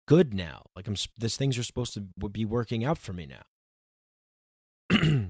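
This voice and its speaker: A man's voice: lowish voice, no echo, studio quality. A young man hosting a solo podcast, talking in a raw, rambling way with frequent restarts and swearing. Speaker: podcast host.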